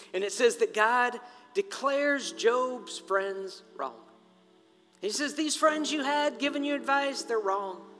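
Man, pastor preaching a sermon, very high voice, slow measured delivery, bright tone, hushed dramatic drops, long reverb of a large hall, faint music underneath. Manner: dramatic, swings from loud stresses to hushed near-whispers, asks rhetorical questions.

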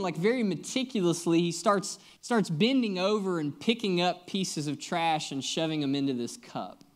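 Earnest male preacher telling a story. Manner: conversational, earnest, addresses the congregation directly; wide swings in pitch and loudness for emphasis. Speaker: pastor. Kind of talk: sermon storytelling.

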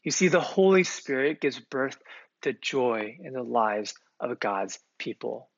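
A male pastor preaches with a gravelly, slightly husky voice, earnest and conversational, dropping in the odd filler word. The sound is dry and a little muffled. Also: mid-range voice, animated, unhurried, dry recording. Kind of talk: sermon.

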